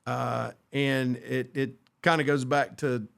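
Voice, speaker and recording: A man's voice: mid-range voice, little pitch movement, takes it slowly, gravelly. A man co-hosting a church podcast, talking earnestly about friendship and quoting scripture, with frequent restarts. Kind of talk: casual faith discussion.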